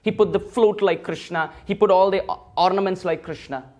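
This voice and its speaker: A man's voice: high-pitched, fairly quick. A man giving a temple sermon, telling a sacred story and acting out the dialogue of its figures. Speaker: temple speaker. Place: temple hall.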